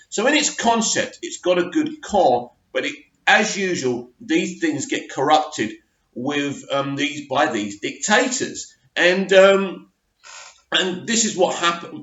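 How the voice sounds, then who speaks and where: A man's voice: on the high side, expressive, a little slow, fairly bright tone. Man, casual film reviewer, rambling and full of restarts, muffled recording. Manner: rambling, self-correcting with many ums. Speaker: movie reviewer. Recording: echoey room, dull lo-fi sound.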